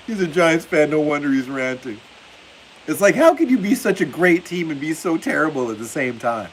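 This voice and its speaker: A man's voice: a little high, big pitch swings, moderate pace, low-quality recording. A man hosting a football livestream in casual chat, reading viewer comments aloud and laughing often. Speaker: livestream host. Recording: faint hiss behind the voice.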